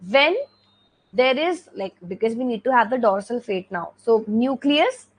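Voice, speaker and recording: A woman's voice: on the high side, expressive, unhurried, low-quality recording. A woman with an Indian English accent teaching an exam revision lecture, explaining step by step and repeating key points with frequent checks like "okay".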